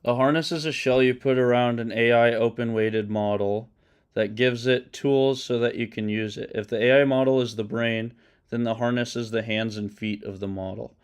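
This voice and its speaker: A man's voice: medium pitch, steady tone, normal speed, clear, resonant tone. A man streaming live while he codes, thinking aloud and chatting casually with viewers. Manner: thinks aloud, mutters code to himself.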